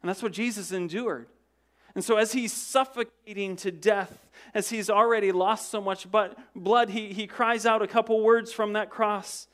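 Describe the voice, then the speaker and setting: High-voiced man preaching a dramatic sermon. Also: steady tone, moderate pace, a bit bright. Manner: dramatic storytelling with frequent word repetitions and restarts; asks the congregation rhetorical questions. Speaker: pastor.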